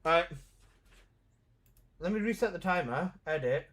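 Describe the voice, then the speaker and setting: Male game streamer, high voice, excitable, slangy, casual. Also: unhurried. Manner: loose, excitable gamer talk with slang. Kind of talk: casual live-stream chat.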